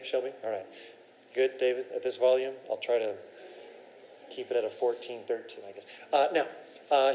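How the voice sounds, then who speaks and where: A man's voice: mid-range voice, a little mellow, slight background noise, poor audio. A man teaching a Bible class, asking questions and talking in a loose, conversational way with fillers.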